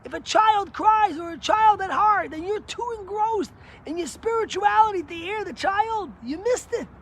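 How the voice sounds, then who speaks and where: A man, a rabbi, giving a short inspirational sermon as an earnest storyteller who drops low and soft for the moral. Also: moderate pace, slight background noise.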